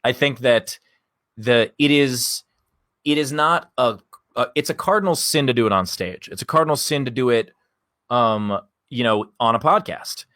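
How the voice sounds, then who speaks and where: A man's voice: medium pitch, normal speed, sharp tone, dry recording, clean studio sound. A male comedian telling a long story on a podcast in a candid, rambling way and swearing casually. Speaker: guest comedian.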